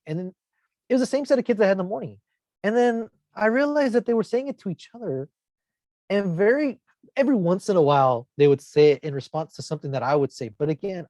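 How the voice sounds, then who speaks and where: A man's voice: high voice, a little mellow, no room sound. A man, a teacher, telling rambling anecdotes in a casual podcast chat and acting out what his students said. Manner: rambling anecdotes, acts out quoted kids with shifts in tone. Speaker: podcast co-host, middle school teacher.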